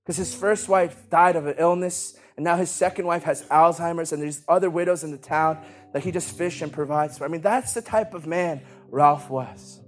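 A young man with a notably high voice tells a story from the pulpit. He talks casually and with energy, full of asides and acted-out quotes. A faint music bed sits under him. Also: moderate pace. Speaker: preacher telling a testimony. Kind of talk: sermon storytelling.

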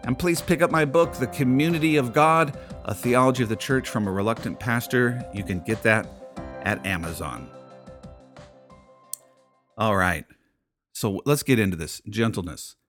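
A man hosts his own show as a pastor, delivering a fired-up, preachy monologue packed with rhetorical questions. His mid-range voice is a bit bright, moving at a moderate pace with long pauses, and faint music plays behind.

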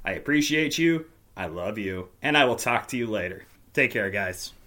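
A man hosting a podcast in casual solo talk, his voice hoarse and raspy as it gives out, with wry self-deprecating humor. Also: lowish voice, animated, moderate pace, sharp tone. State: hoarse, voice giving out. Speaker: podcast host.

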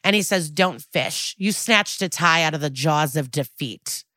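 A woman's voice: deep voice, unhurried, sharp tone, dry recording. A woman co-hosting a podcast, recapping an episode in a chatty, wry way and acting out the quoted lines. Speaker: podcast co-host.

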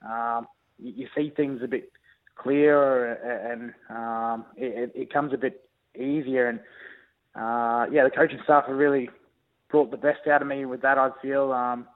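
A man's voice: medium pitch, unhurried. Young man on a tinny phone line. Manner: relaxed, hesitant, many fillers. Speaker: rugby league player, guest. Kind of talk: phone interview on radio.

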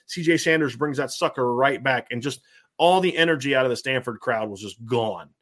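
This is a sports podcast host, a man with a Savannah, Georgia accent. He talks fast in a loose, chatty way. His voice sits at a middling pitch, and he stacks up excitable, rambling sentences. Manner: excitable, rambling, repeats phrases. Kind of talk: casual sports podcast chat.

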